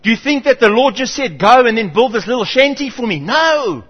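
High-pitched middle-aged guy preaching, acts out voices in his stories, dull echoey church hall sound. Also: fairly quick, husky. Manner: animated storytelling, acts out quoted voices. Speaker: pastor. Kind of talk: sermon.

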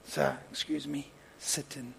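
A man preaching, telling a story and acting out its dialogue, moving between soft asides and loud impassioned peaks. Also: mid-range voice, level tone, a little slow, vocal fry, slight background noise, low-quality recording. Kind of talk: storytelling sermon.

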